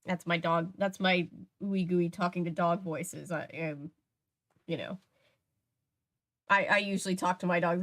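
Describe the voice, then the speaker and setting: Brief: woman host reading a mystery novel aloud, relaxed and chatty, fixes slips as she goes. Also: lowish voice, measured pace. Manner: relaxed, self-correcting, laughs at asides. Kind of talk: casual read-aloud with chatty asides.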